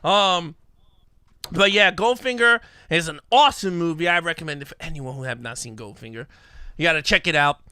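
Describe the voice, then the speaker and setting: A man's voice: a little high, fast, sharp tone, clean tone, no echo, clean studio sound. A man hosting a casual film chat podcast, playful and joking, laughing often. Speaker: podcast host.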